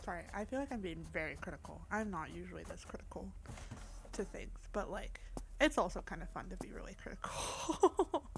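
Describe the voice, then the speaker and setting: Young woman, casual let's-play commentary, chatty and self-deprecating, lively up-and-down voice, faint background hiss. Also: on the low side, brisk, vocal fry. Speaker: gamer playing a horror game demo.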